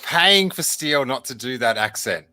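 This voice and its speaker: A man's voice: mid-range voice, animated, normal speed, bright, forceful tone, dry recording. A man hosting a livestream podcast in a casual, playful, rambling chat. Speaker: podcast host.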